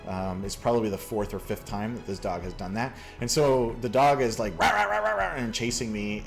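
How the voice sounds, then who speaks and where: A man from Canada hosting a casual chat, rambling through a story with lots of fillers. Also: fairly low pitch. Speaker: podcast host.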